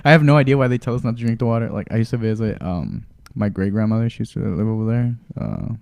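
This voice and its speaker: A man telling stories in a relaxed, casual podcast chat, swearing freely and laughing easily. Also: on the low side, quick pace, gravelly, dry recording, clean studio sound. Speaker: guest musician.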